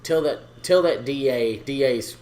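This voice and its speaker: A man's voice: medium pitch, a little slow. A man co-hosting a podcast, chatting casually, swearing freely and acting out quoted people. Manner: animated, swears a lot, acts out quotes. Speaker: podcast co-host. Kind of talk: casual profane chat.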